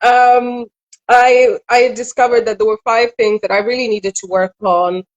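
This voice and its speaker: A woman's voice: a little high, steady tone, muffled recording. Woman, middle-aged, from Kenya, relationship coach, candid interview talk, earnest, reflective. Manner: earnest, reflective, quick asides.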